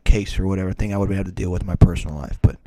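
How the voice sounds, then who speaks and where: A man's voice: low-pitched, fairly even intonation, very fast, warm tone. A man co-hosting a podcast, telling a rambling, profanity-heavy story in casual chat. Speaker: podcast co-host.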